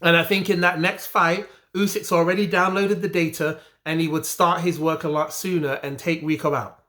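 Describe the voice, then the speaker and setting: A man's voice: on the high side, flat delivery, moderate pace, bright, forceful tone. An English man ranting indignantly about a boxing result, repeating his points with emphatic frustration. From England. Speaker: boxing commentary vlogger. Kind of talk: heated opinion rant.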